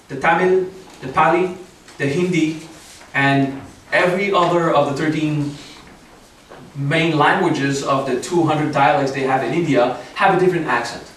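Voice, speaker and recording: A man's voice: a little high, a bit bright. A man teaching a seminar, explaining patiently with frequent check-ins to his audience and light joking asides. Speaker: spiritual teacher. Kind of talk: seminar lecture. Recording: very echoey room, distant mic, faint hiss.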